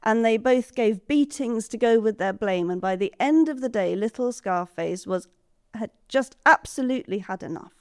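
Woman telling a folk tale softly. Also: fairly high pitch, moderate pace, no echo, studio quality. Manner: soft, expressive, drops to whispers. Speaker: storyteller. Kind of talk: oral storytelling.

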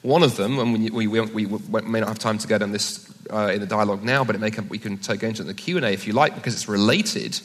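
A man speaking at a live public debate, animated and joking with quick asides. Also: on the low side. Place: event hall with audience. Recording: long reverb of a hall.

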